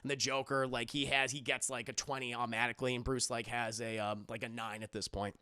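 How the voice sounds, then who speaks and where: A man's voice: medium pitch, little pitch movement, fast, sharp tone. A man recapping a cartoon episode for a live-stream chat in a rambling, profane, casual way, often addressing the chat. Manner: rambling, cursing, talks to chat.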